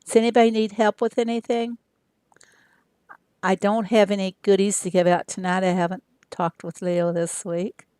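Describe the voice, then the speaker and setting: An older woman from Arkansas, chatting casually with viewers on her game livestream in an unhurried way with lots of fillers. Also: medium pitch, level tone, darkish tone, smooth, dry recording, clean studio sound. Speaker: game streamer.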